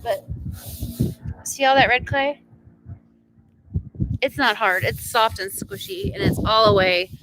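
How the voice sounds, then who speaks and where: A chatty Oklahoman woman on a ranch talks slowly in a higher voice, leaving long pauses, with soft music behind her. Hosting her ranch channel's casual live stream outdoors, she reads the chat and greets viewers by name in bright bursts of enthusiasm.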